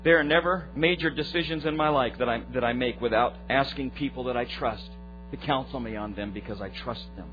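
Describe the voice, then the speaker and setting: A man preaching as a pastor, giving a short devotional in an earnest way that grows lively when he retells a story. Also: mid-range voice, brisk. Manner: earnest preaching that turns lively and loud in retold stories. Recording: dull lo-fi recording with faint mains hum.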